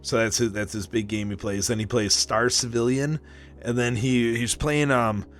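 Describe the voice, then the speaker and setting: A male streamer in casual chat, rambling from one thought to the next with plenty of swearing and laughter. His voice sits at an ordinary middle pitch. Quiet music plays faintly in the background. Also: normal speed. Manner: rambling, profane and excitable, laughs often. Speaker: livestreamer.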